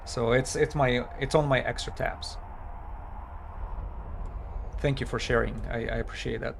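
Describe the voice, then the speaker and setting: A man's voice: mid-range voice, steady tone, a little slow, gravelly, a little hiss or hum. A man chatting casually during a live game stream, thinking aloud with fillers and slightly non-native phrasing, his voice tired after hours of talking.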